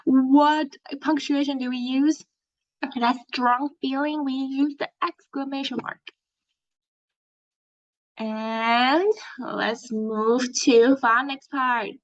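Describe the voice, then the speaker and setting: A woman teaching an English lesson, speaking slowly, clearly and encouragingly, as if to young learners. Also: high-pitched, fairly even intonation. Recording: dull lo-fi sound.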